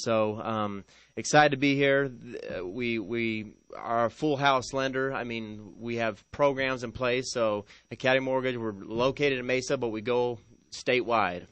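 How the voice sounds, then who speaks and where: Friendly guy guesting on the radio, smooth voice, lots of ums. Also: medium pitch, a bit bright, no room sound, muffled recording. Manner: friendly, hesitant with many ums. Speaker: guest mortgage lender. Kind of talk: radio interview. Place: radio studio.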